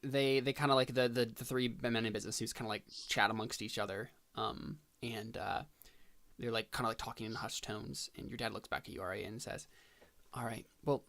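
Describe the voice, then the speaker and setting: A man narrating as game master in a tabletop role-playing game, halting and filling pauses as he describes scenes. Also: fairly low pitch, steady tone, vocal fry, fairly bright tone. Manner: halting, full of fillers and restarts.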